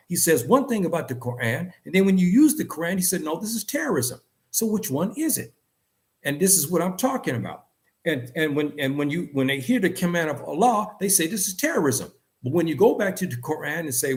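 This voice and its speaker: A man teaching a religious lesson in an earnest, repetitive way, building to animated emphasis at times. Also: high-pitched. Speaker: Islamic teacher. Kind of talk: religious lecture.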